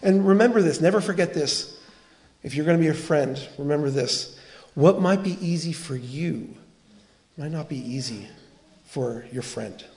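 Male pastor, sermon delivery, earnest and animated, slightly high voice. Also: normal speed. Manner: earnest, animated storytelling with quoted dialogue.

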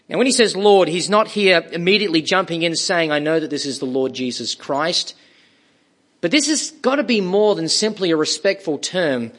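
A man preaching a sermon, slow and emphatic, with dramatic pauses and repeated words for stress. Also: a little high, lively intonation, fairly bright tone.

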